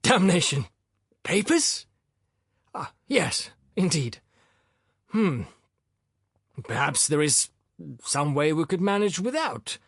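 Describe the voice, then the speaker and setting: An irritable older professor, sarcastic and exasperated, his voice jumping high with indignation and swinging widely, as a male audiobook reader puts him on. Dry and close, an audiobook character voice. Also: big pitch swings, slow pace, pauses often, fairly bright tone, husky, dry recording, exaggerated voice.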